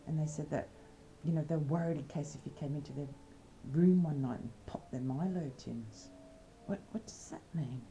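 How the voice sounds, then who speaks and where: A woman's voice: deep voice, normal speed, dark tone, slight background noise, low-quality recording. An Australian woman chatting in a rambling, cheeky way and brainstorming bawdy comedy skits. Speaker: comedy skit presenter. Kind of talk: casual comedic chat.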